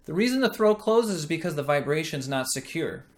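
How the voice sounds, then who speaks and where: This man's voice sits a little high and is expressive. He teaches singing, walking through vocal technique with patience, demonstrating sung vowels in a slow, considered way.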